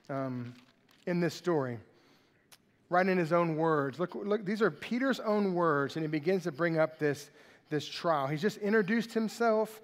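A male pastor preaching in a lively, conversational way. His voice sits high. Long reverb from a large church hall hangs behind him. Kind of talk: sermon.

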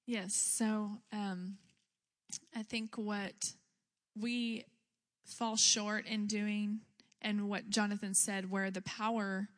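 A woman speaks slowly and thoughtfully as she joins in on a sermon. Her voice carries a long hall reverb, and her delivery is measured and reflective. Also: medium pitch, flat delivery. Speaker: co-speaker with pastor.

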